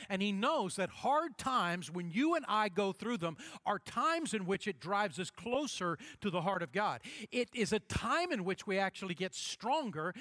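High-voiced man preaching emphatically. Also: bright, forceful tone, no echo, studio quality. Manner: emphatic, repeats key phrases, slows down for stress. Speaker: pastor. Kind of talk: sermon.

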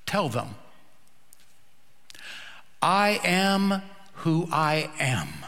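A male preacher voicing a solemn, commanding divine figure, low and measured. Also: huge pitch swings, pushed and bright, in a large hall, full character voice.

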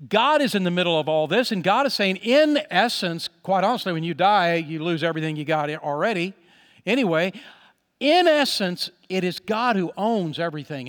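A man preaching a sermon on money to his congregation, earnest and emphatic, slowing on key words and dropping soft when he voices a prayer. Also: sits high, big-room sound. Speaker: pastor.

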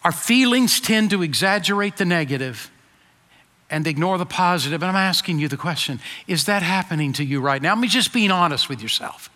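A man preaching a sermon in an earnest voice that swings from emphatic peaks to quiet low asides. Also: animated, fairly quick. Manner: earnest, rising to emphatic then dropping soft. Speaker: pastor. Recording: long hall reverb.

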